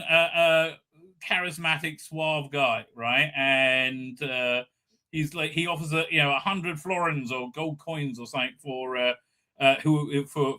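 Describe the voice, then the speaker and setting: A man's voice: a little high, bright, forceful tone. A man hosting a live stream, casually recapping an episode in a rambling way, with many stammered restarts and a habit of tagging sentences with "right?".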